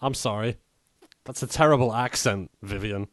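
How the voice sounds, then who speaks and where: A man's voice: on the low side, moderate pace, dry recording. A man hosting a podcast, chatting casually with teasing, sarcastic humor and frequent laughs. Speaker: podcast host. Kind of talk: casual chat.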